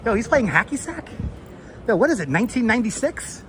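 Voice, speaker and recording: Man, Brooklyn accent, jokey live-stream tour host, clip-on mic on a loud city street. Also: very high-pitched, very animated, fairly quick, a little hiss or hum. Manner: joking, swearing, chatty with viewers. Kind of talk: casual live-stream chat. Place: outdoors on busy city streets. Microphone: wireless clip-on mic.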